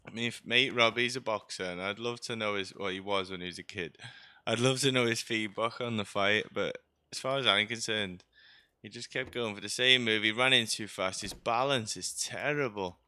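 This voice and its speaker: Male streamer, joking rambler, lowish voice, clear and close. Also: moderate pace, sharp tone, dry recording. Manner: chatty, joking, sarcastic asides. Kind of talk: rambling gameplay commentary.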